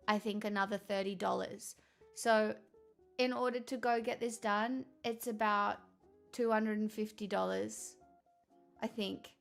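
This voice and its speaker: A woman's voice: on the high side, creaky, fairly bright tone. A woman chatting casually on a live stream, answering viewer messages in a chatty, matter-of-fact, self-mocking way.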